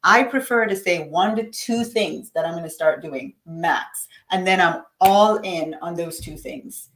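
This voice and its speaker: A woman's voice: lowish voice, measured pace. A woman leading a live-stream coaching session, upbeat and encouraging, chatting to viewers by name. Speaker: livestream coach. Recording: roomy echo.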